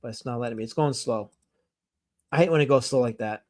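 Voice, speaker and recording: A man's voice: medium pitch, fairly quick. A man hosting a casual live stream, reading viewer comments and rambling enthusiastically with fillers and self-corrections. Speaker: streamer host.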